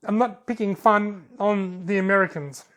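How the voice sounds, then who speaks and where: A man's voice: high-pitched, normal speed, fairly bright tone. Laughing Australian man reading comments. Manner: jokey, laughs often, drawls words out. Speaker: fishing channel host. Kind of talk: casual chat reading out comments.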